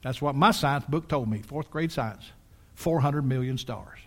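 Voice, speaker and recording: An older male pastor preaching a sermon, swinging from quiet, drawn-out lines to loud, excited peaks, with folksy asides to the congregation. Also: mid-range voice. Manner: dramatic swings from hushed to shouting, folksy asides.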